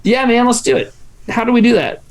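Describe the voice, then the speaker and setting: A man co-hosting a casual live stream, his voice leaping up and down as he jokes and swears. He talks in an animated, offhand way, heard through a video call. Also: very high voice, brisk, crowd noise. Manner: animated, profane and joking. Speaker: podcast co-host. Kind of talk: casual livestream chat.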